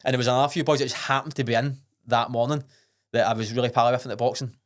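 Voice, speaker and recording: A man's voice: mid-range voice, fairly even intonation, racing. A young adult man with a Glaswegian accent, a podcast guest telling a story bluntly and earnestly, swearing freely and restarting his sentences. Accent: Scottish, Glaswegian. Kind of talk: casual storytelling.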